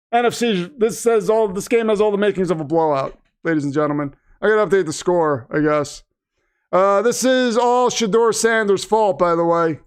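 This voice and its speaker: A man hosting a live watch-party stream from a home setup, chatting casually and breaking into loud wrestling-announcer shouts. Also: high voice, clean tone. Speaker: livestream host.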